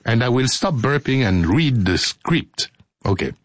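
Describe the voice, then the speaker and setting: Lively, slow-talking man hosting a radio show. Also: mid-range voice, no room sound. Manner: joking, laughing, breaks into sing-song. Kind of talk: playful studio banter and storytelling.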